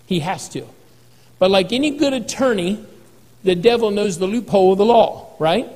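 A man's voice: high voice, long reverb tail, poor audio. A male pastor preaching a sermon in a folksy, humorous way, acting out quotes as he goes.

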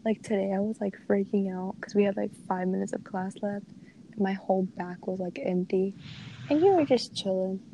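A young woman in her late teens, a student, chatting casually and quickly, with lots of fillers and acted-out quotes of what others said. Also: mid-range voice, warm tone, muffled recording, a little hiss or hum. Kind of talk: casual chat.

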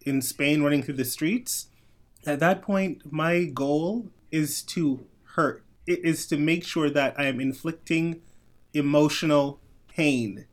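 A man co-hosting a podcast, talking casually and softly, telling stories and acting out what people said. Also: a little high, slow. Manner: soft-spoken, storytelling with acted-out quotes. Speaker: podcast co-host.

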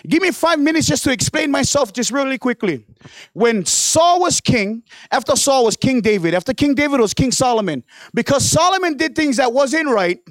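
High-voiced male preacher, joking and lively. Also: no echo, clean studio sound. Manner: playful, joking asides and frequent hallelujahs. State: losing his voice. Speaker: guest preacher. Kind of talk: sermon. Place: church.

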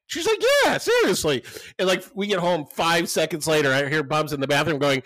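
A man's voice: a little high, brisk, dry recording. A middle-aged man co-hosting a podcast, telling stories in casual chat and swearing freely. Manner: animated storytelling, swears often. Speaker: podcast co-host.

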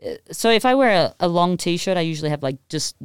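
A woman's voice: on the low side, lively intonation, quick pace, clear, resonant tone, no room sound, clean studio sound. A woman with an Australian accent chatting casually on a podcast, giggly and full of fillers. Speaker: music producer, podcast guest.

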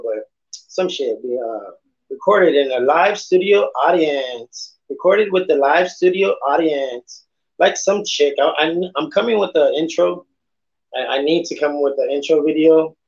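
A man with a lisp, hosting a podcast in a casual, rambling monologue that is full of restarts and swearing. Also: a little high. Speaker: podcast host. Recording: dull lo-fi podcast audio.

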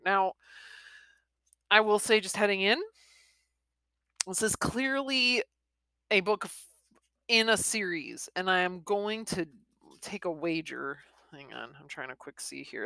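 A woman reviewing a western novel, chatting excitedly and reading chapters aloud. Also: medium pitch, no room sound. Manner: chatty and excitable, with restarts and exclamations. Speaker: book reviewer.

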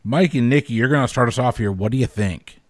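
A man's voice: medium pitch, fast talker, no echo. A man hosts a casual podcast panel, wry and easygoing as he moderates. His mid-range voice sounds close and dry, with no room around it. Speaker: podcast host.

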